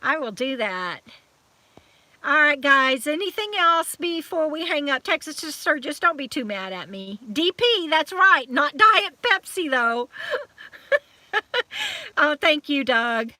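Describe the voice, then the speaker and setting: Chatty high-voiced woman on a live stream. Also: expressive, unhurried, pauses often, sharp tone, no room sound. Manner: chatty and affectionate, reading out viewer comments with many fillers. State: emotional, recently crying. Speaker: vlogger hosting a live chat. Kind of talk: casual live-stream sign-off chat.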